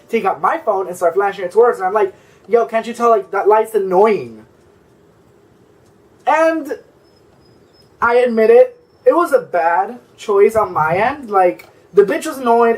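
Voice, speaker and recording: A man's voice: sits high, far from the mic, poor audio. A young man telling a story-time vlog in a sassy, profane, rambling way, filling his talk with "like". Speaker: vlogger.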